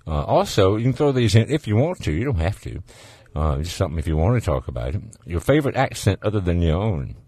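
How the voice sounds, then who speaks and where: A man with a Southern US accent hosting a call-in radio show, folksy and quick to laugh. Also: low-pitched, big pitch swings, darkish tone, breathy edge, dry recording. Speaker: radio talk show host. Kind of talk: casual call-in chat. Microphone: studio microphone.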